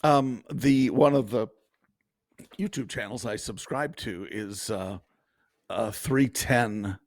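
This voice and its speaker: A man's voice: medium pitch, slow, creaky, no echo. A man co-hosting a podcast, chatting casually, laughing often and trailing off at the ends of thoughts. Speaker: podcast co-host. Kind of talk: casual chat.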